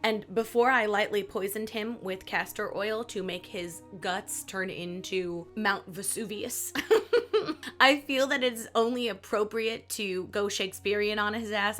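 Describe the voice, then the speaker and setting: A woman's voice: medium pitch, a bit bright. Wisecracking Southern woman history host. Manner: sarcastic, playful, jokey asides. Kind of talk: comedic history narration.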